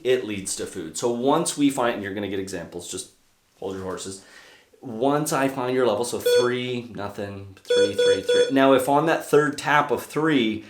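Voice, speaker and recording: Man explaining dog training in a roomy space. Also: medium pitch. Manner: brisk, hands-on explaining with demonstrations. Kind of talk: casual instructional talk. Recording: roomy echo.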